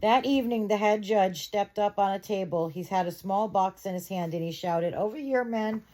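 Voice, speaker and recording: Mellow-voiced woman reading a novel aloud. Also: medium pitch, normal speed. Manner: steady read-aloud narration, chatty asides to viewers. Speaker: storyteller reading a novel to viewers. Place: bedroom at home.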